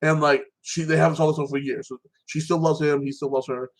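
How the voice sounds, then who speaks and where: A man's voice: fairly high pitch, flat delivery, a little fast, rough recording. A man talking alone in a casual, rambling recap of a movie, full of fillers and restarts, swearing freely. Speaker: vlogger.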